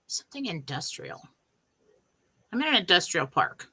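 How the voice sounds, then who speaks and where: Woman psychic on a live stream, bright tone, casual and rambling. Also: medium pitch, lively intonation, moderate pace. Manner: casual, loose, thinks aloud with fillers. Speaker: psychic answering viewer questions.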